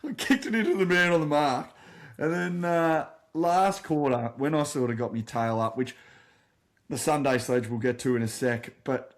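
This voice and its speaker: An Australian man co-hosting a podcast, telling a story in a casual, animated way and laughing through it. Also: mid-range voice. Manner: animated yarn-spinner, quotes others loudly, laughs through stories. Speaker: podcast co-host.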